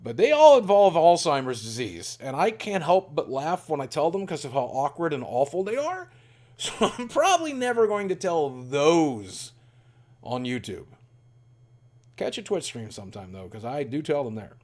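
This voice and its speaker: A man's voice: on the high side, very animated, normal speed, darkish tone. A man in his forties telling a candid, rambling personal story in a self-deprecating way. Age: 40s. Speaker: YouTuber.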